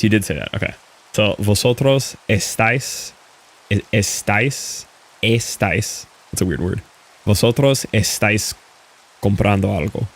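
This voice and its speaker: A man's voice: on the low side, creaky. A man streaming a game, chatting casually with viewers and answering their messages as he plays. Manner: chatty, answers chat, thinks aloud. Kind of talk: casual live-stream chat while gaming.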